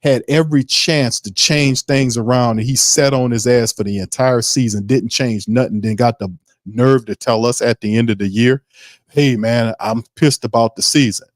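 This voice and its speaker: A man's voice: medium pitch, steady tone, moderate pace, no room sound, clean studio sound. A man hosting a sports stream, ranting in heated, profane commentary. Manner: fired-up, ranting, profane, mocking impressions. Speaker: sports podcast host.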